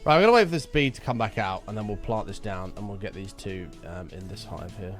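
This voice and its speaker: A man's voice: on the low side, lively intonation, fast talker, over music. A man chatting casually while streaming gameplay, rambling into sweary stories from his school days.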